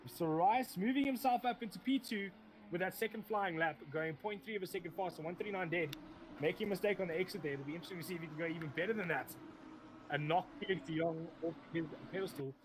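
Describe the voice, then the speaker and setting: A man's voice: sits high, fast, noisy background. A man giving live sim racing commentary, rambling, often correcting himself and joking as he goes.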